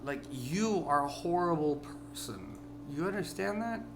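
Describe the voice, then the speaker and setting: A tipsy man delivering a rambling, profane vlog rant that bursts into yelling. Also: a little high, animated, a little slow, background noise. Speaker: vlogger. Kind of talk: ranting vlog monologue.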